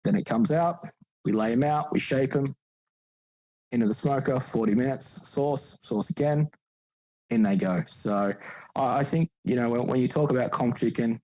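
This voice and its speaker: A man's voice: mid-range voice, normal speed, a little mellow, low-quality recording. A man chatting casually as a podcast guest, rambling with frequent restarts. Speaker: podcast guest, barbecue competitor.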